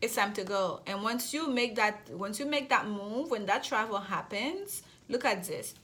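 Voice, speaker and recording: A woman's voice: medium pitch, animated, a little slow, fairly bright tone. A woman with a noticeable accent giving an intuitive tarot reading to camera. She talks reassuringly, often restarts her phrases and checks in with her listeners. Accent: non-native accent. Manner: repetitive, reassuring, frequent restarts and check-in questions. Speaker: tarot reader.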